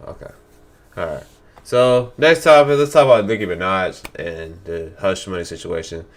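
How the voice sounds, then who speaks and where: A man's voice: low voice, animated, moderate pace. A man hosting a casual podcast chat, blunt and emphatic, swearing freely as he steers the topics. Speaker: podcast host.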